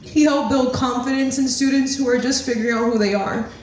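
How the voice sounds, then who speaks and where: A woman's voice: high-pitched, fairly even intonation, fairly quick, darkish tone, a little hiss or hum. A woman in her thirties, from the Miami area, gives an earnest, tearful tribute speech to her former kindergarten teacher. She laughs nervously as she talks. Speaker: former student giving a speech. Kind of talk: emotional tribute speech, partly read. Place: hotel banquet hall. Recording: very echoey hall, voice picked up from far off.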